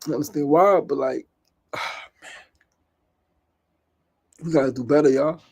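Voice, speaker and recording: A man's voice: a little high, normal speed, a little mellow, breathy edge. A man hosting a podcast, giving an impassioned solo monologue, swearing and repeating phrases. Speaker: podcast host.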